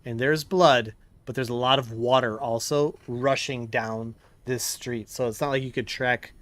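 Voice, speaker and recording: Halting man running a tabletop game. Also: medium pitch, fairly even intonation, fairly bright tone, dry recording. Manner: halting, full of restarts and fillers. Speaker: game master.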